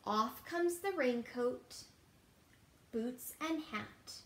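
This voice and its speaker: A woman from Texas reading a picture book to children as a teacher, playful and animated, pausing for them to guess and dropping into hushed asides. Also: high voice. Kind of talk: children's read-aloud storytime. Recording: roomy echo.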